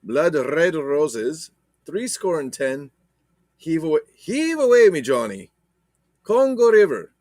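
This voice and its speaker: A man doing a bad put-on Irish accent, reading out sea songs in a drawn-out, sing-song way. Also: a little high, very animated, a little mellow, no room sound. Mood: jolly. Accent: put-on Irish, self-admittedly poor.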